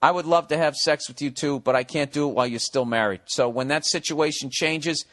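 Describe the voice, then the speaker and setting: A man's voice: fairly high pitch, a little fast, a bit bright. A middle-aged man ranting on a comedy podcast, profane and sarcastic as he reads and answers a listener's letter. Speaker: podcast host.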